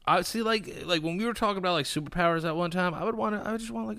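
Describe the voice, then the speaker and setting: A man's voice: high voice, very fast, vocal fry, sharp tone. A man co-hosting a podcast, laid-back and crude, in casual banter. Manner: laid-back, crude humor, lots of "yeah" and "dude". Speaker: podcast co-host.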